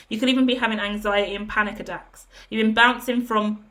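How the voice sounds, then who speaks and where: A woman's voice: mid-range voice, fairly even intonation, fairly bright tone. A woman giving a tarot reading straight to her viewers in a direct, coaching way, stacking up long repeated lists and checking in with "yeah?". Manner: lists things in rapid repetition. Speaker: tarot reader.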